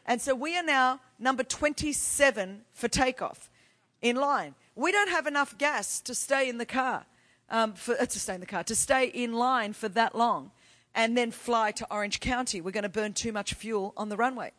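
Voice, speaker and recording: A woman voicing a calm male airline captain making a measured, matter-of-fact announcement to passengers. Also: fairly high pitch, in a large hall, close to an everyday voice.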